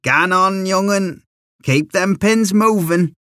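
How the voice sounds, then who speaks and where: A man's voice: high voice, takes it slowly, a bit bright, dry recording, studio quality, voice pushed up. A man voicing a cheerful old man, calling out encouragement in a raised, hearty voice. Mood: cheering. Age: older.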